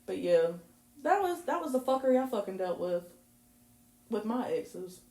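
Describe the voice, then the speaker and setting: A young woman, co-hosting a podcast and telling stories in a casual chat, swearing freely and breaking into high laughter. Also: very animated, moderate pace, mellow. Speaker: podcast co-host. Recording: roomy echo.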